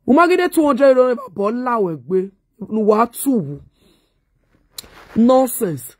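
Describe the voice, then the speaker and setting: A woman's voice: fairly high pitch, animated, takes it slowly, a little mellow, no echo. A middle-aged Nigerian woman vlogger delivering a mocking, insulting rant. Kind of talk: ranting monologue.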